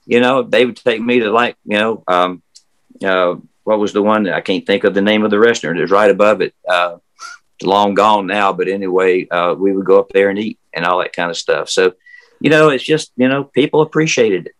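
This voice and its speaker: A man's voice: lowish voice, fairly quick, rough recording. An older man with a Southern US accent, a former historic house guide, telling stories in a rambling, folksy way full of fillers and restarts. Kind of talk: casual storytelling interview. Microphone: remote video call.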